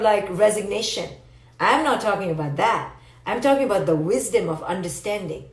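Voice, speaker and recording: A woman psychologist giving a playful, animated live talk to viewers and answering their comments. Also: medium pitch. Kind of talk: live-stream motivational teaching. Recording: roomy echo.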